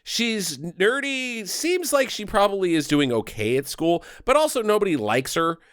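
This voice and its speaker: A man's voice: high voice, big pitch swings, moderate pace, fairly bright tone, clean tone, dry recording, clean studio sound. A man co-hosting a movie review podcast, chatting casually and rambling with fillers as he recaps the story. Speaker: podcast co-host.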